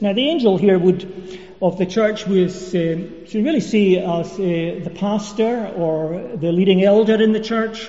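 High-voiced preacher in an echoey hall. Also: male voice, warm tone. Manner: measured expository preaching with fillers. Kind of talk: sermon. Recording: dull echoey church hall recording.

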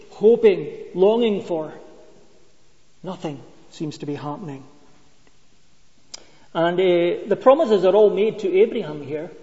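A man's voice: high voice, mellow. A man preaching a sermon, telling stories and asking the congregation questions. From Scotland. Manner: storytelling, conversational with rhetorical questions. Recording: dull lo-fi sound with long reverb.

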